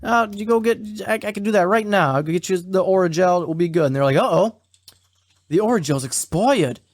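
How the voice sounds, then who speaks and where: A man co-hosting a podcast, casually recapping a story and quoting its characters in a flat, offhand way, swearing now and then. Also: high voice, fast, no echo. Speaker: podcast co-host.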